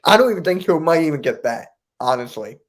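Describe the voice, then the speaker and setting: A man with a somewhat high voice chats on a sports podcast. He sounds animated and incredulous and keeps asking why things happened. His tone stays loose and casual. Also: fast talker. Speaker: podcast host.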